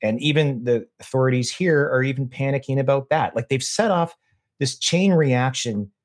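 A man's voice: mid-range voice, normal speed. A man talking casually as a podcast guest, opinionated and rambling, often restarting his sentences. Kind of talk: casual conversation.

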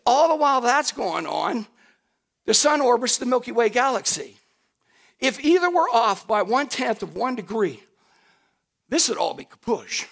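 Man, pastor, sermon, very high voice, lively swings in pitch, folksy, shouts at peaks. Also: normal speed, creaky. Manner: animated preaching, rising to shouts at high points; folksy, addresses the congregation directly.

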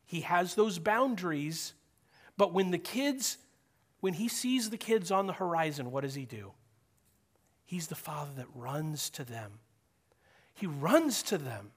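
A man preaching a sermon as a pastor, animated, rising to loud urging and dropping to a hushed near-whisper, acting out quoted voices and putting questions to the room. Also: on the high side, a little slow, pauses often, husky.

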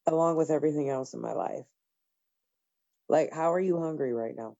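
Blunt, mellow-voiced woman streamer. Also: deep voice, normal speed, gravelly, no room sound. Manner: blunt and profane. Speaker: stream host. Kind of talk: casual chat. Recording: dull lo-fi dry sound.

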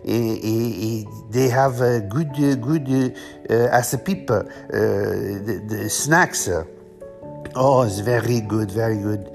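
A man's voice: medium pitch, takes it slowly, vocal fry, over music. A man voicing a hesitant Frenchman with a thick French accent, who stutters and drawls. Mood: earnest.

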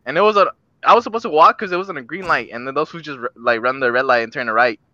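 Young male co-host, fast and sharp-toned, slangy, swears freely, on a dry and dull call mic. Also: medium pitch, no echo. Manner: slangy and profane storytelling. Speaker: podcast co-host. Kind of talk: casual chat. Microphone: voice call microphone.

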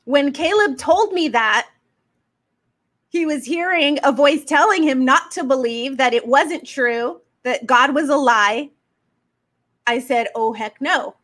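Speaking slowly in a high, somewhat bright voice, the woman coaches business from a faith-based angle. Her motivational talk is emphatic and preaching in style, full of fiery rhetorical questions.

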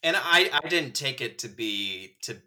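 Bright-voiced man telling animated stories. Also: mid-range voice, a little slow. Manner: animated storyteller, acts out quotes, laughs often. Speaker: friend and fellow actor. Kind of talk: casual chat, reminiscing.

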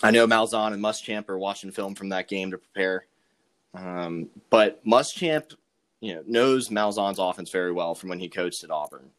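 A man's voice: low voice, moderate pace. A young man giving sports betting picks on a podcast, joking and rambling with many ums and uhs. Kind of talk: casual sports betting chat.

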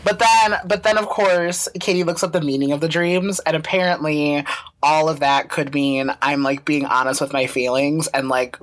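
A woman's voice: sits low, fairly even intonation, moderate pace. A woman co-hosting a podcast, chatting casually and rambling through a story with lots of fillers and laughter. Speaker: podcast co-host. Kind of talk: casual chat.

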